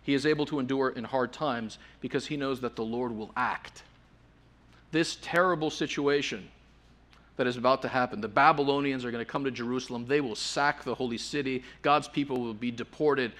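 A man preaching a sermon in an earnest way, moving between forceful emphasis and hushed softness. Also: medium pitch, a little fast.

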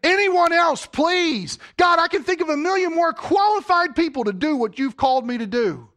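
A man's voice: very high-pitched, expressive, normal speed, a bit bright, pitched above the performer's own voice. A man voicing an insecure man pleading his unworthiness to God, in a pleading, self-doubting way. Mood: begging.

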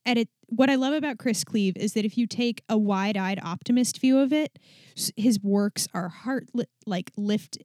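A woman's voice: a little high, moderate pace, darkish tone, no room sound, clean studio sound. A woman co-hosting a casual book podcast, talking with enthusiasm, rambling with many fillers and restarts.

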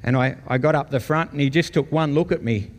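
Speaking fairly quickly in a higher-pitched voice, an Australian guest speaker tells his personal testimony to a church congregation. He keeps it conversational and story-like, chuckling now and again. Long reverb fills the church meeting hall.

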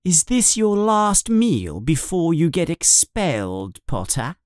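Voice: medium pitch, very animated, slow, a little mellow, dry recording, clean studio sound, pitched above the performer's own voice. A narrator voicing a cruel schoolboy bully who mocks and taunts in a raised, slightly distant voice. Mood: mocking. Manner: mocking, taunting.

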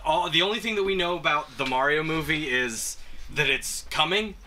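A man's voice: a little high, lively intonation, normal speed, pushed and bright, far from the mic, a little hiss or hum. A man co-hosting a podcast in casual chat, hesitant and often restarting and correcting himself. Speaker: podcast co-host.

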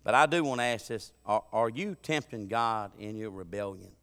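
A man preaching a sermon with humorous stories, folksy and full of dialect, swinging from loud preaching to quiet asides. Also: fairly low pitch, normal speed, clear, resonant tone. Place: church sanctuary. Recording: reverberant church sanctuary.

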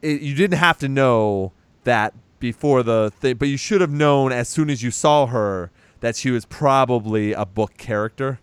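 Clear-voiced man recapping a film casually. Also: mid-range voice, moderate pace, few pauses, dry recording. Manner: rambling retelling with acted-out quotes and laughs. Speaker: podcast co-host recapping a movie. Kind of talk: casual chat.

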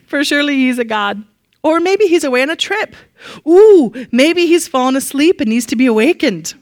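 A woman voicing a mocking male prophet who taunts his rivals in high, sing-song jeers. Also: lively intonation, normal speed, no echo, clean studio sound.

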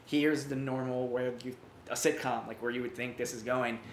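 A man co-hosting a relaxed podcast chat, his voice sitting mid-range for a man and ringing in a roomy, echoey space with faint ambience behind. He talks in animated, rambling bursts that are full of restarts and fillers. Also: mid-range voice, normal speed, slight background noise. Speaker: podcast co-host. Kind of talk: casual chat. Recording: roomy echo.

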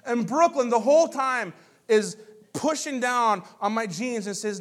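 A man in his thirties preaching a sermon as a pastor, telling stories in a lively, conversational way with asides to the congregation. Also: extremely high pitch, normal speed.

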